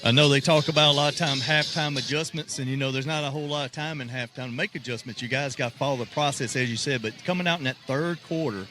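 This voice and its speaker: A man's voice: mid-range voice, fast talker, hardly any pauses, music in the background. A man working as a sideline reporter, upbeat and conversational, interviewing a coach on an outdoor football field. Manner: upbeat, conversational, fills in stats.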